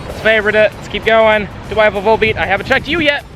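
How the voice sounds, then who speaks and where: A young man vlogging his mobile game hunt in a chatty, excitable way, talking straight to his viewers. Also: high-pitched, fast, over music. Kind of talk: casual gameplay vlog.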